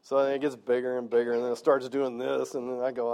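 A male pastor delivering a sermon in a church. He preaches in an earnest, conversational way, often turning to the congregation with questions. His voice sits at an ordinary middle pitch for a man. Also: flat delivery, brisk, darkish tone.

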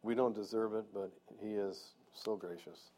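A man's voice: fairly low pitch, fairly even intonation, normal speed, dark tone. Man, pastor, church sermon, earnest, chatty, asks the congregation questions. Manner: earnest, conversational preaching with rhetorical questions.

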